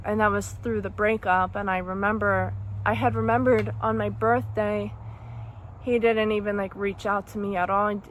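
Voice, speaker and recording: A young woman telling a personal story as a vlogger, halting and emotional with many restarts. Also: medium pitch, a little hiss or hum. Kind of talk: storytime monologue.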